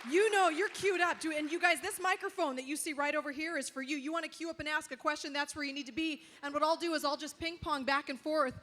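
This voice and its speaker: A woman's voice: high-pitched, quick pace, hardly any pauses, fairly bright tone, a faint crowd, a little hiss or hum. A woman moderating a fan convention panel on stage, eager and bubbly, calling herself a resident geek. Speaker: panel moderator, local TV presenter.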